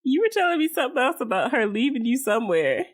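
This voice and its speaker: A woman's voice: sits high, big pitch swings, quick pace. A woman hosting a podcast, reacting to her guest with short exclamations and laughs. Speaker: podcast host. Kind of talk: casual interview.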